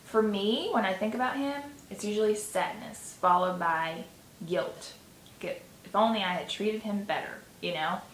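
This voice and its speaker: A woman guiding a tapping session, coaching gently and sighing between slow repeat-after-me phrases. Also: mid-range voice. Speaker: tapping guide. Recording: echoey room with faint noise.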